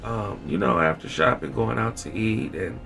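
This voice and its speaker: A man vlogging a candid personal story with wry dark humor, rambling and repeating his phrases. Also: lowish voice, expressive, normal speed, gravelly. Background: background music.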